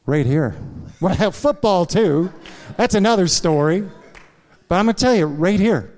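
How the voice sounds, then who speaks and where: A pastor's sermon echoes with a long reverb tail through the church sanctuary, his high, darkish voice expressive and unhurried. Frequently turning to the congregation with asides, he recounts a frank personal story.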